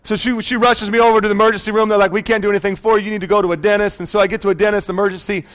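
Speaking rapid-fire in a high-pitched voice, this man in his thirties is a pastor delivering a sermon. He animatedly recounts a personal story while calling out to his congregation.

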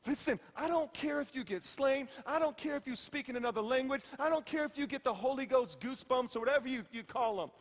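A middle-aged man preaching a sermon as pastor, playful and emphatic, dropping to a hush and then rising to shouts. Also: very high-pitched, lively intonation, fast talker, few pauses, in a large hall. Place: church sanctuary.

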